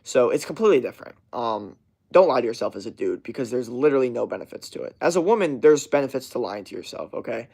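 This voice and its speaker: A man's voice: mid-range voice, expressive, fast, vocal fry, darkish tone, breathy edge. A young man streaming a casual rant to his chat, swearing constantly and rambling with many fillers and restarts.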